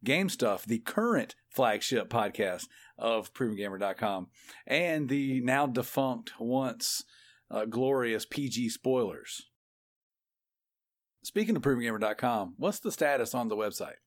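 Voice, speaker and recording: A man hosting a gaming podcast in a relaxed, playful way, laughing often with his co-hosts. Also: mid-range voice, unhurried. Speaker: podcast host. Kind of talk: casual podcast chat, show wrap-up.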